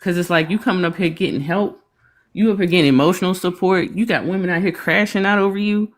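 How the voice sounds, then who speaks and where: A woman co-hosting a reaction stream, talking in an animated, emphatic way and laughing often. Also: lowish voice, quick pace. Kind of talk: casual commentary chat.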